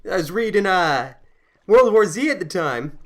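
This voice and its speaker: Animated Canadian guy spinning a yarn. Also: high voice, moderate pace. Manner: animated, excitable, acts out quotes loudly. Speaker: gameplay commentator. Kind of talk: casual storytelling over gameplay.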